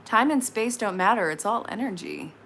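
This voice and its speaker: A woman in her late thirties giving casual tarot readings on a live stream, chatty and frank with quick asides. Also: medium pitch, expressive, gravelly, a bit bright, slight background noise. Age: 30s.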